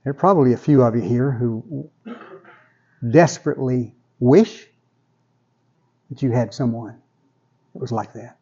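A man's voice: mid-range voice, measured pace, long pauses, mellow, husky, muffled recording. A man preaching a sermon in a conversational way, often repeating words as he builds toward a point. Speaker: pastor.

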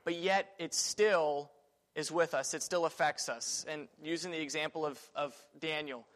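A man's voice: on the high side, fairly even intonation, moderate pace, a bit bright. A man teaching a church Sunday school class in a casual, conversational way, thinking aloud with fillers and restarts. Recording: reverberant room.

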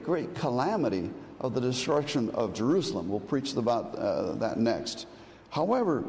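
A man's voice: medium pitch, big pitch swings, measured pace, a little mellow. A man preaching an expository sermon, restarting phrases often and building to emphatic declarations. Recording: long reverb in a hall, faint ambient noise.

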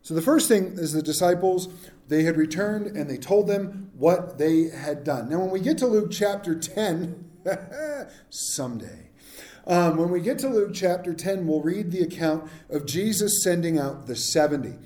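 A pastor preaching a sermon in a humorous, conversational way, often putting questions to the congregation. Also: male voice, sits high, animated, unhurried, dark tone, echoey room.

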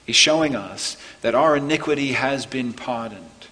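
A man preaching a sermon as pastor, earnest, building to emphatic peaks and then softening. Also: mid-range voice, moderate pace, long reverb tail, low-quality recording. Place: church.

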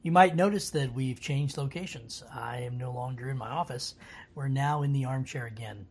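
A man teaching scripture in a casual, earnest way into a laptop camera. He rambles, restarts often and fills gaps with ums. His voice sits in an ordinary middle pitch. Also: moderate pace, over loud music. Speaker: bible teacher. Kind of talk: casual bible study commentary.

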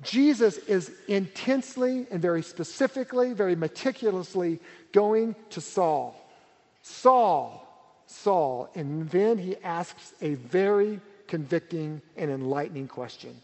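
A man's voice: high voice, expressive, measured pace, mellow. A man preaching a sermon as pastor, earnest and emphatic, repeating key words for weight. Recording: reverberant hall.

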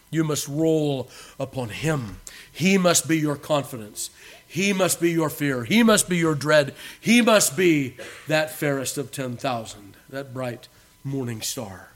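A pastor preaching an emphatic sermon, swinging between loud declarations and hushed endings. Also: male voice, medium pitch.

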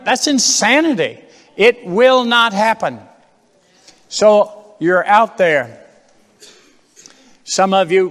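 A man's voice: sits high, fairly bright tone, long reverb tail. A man preaching a fervent sermon, firing rhetorical questions and repeating phrases for emphasis.

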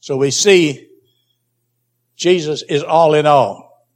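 A man's voice: on the high side, takes it slowly. A man preaching a Bible teaching sermon, emphatic and repeating key phrases for stress.

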